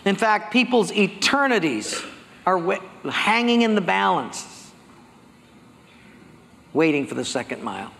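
A male pastor preaching a sermon, telling stories with lively acted-out dialogue. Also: high voice, measured pace, vocal fry, long pauses. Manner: animated storytelling, acting out dialogue. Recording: long hall reverb.

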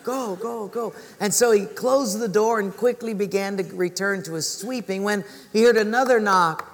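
A male preacher telling a story in a sermon, animated and acting out voices. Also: sits high, moderate pace. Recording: reverberant hall.

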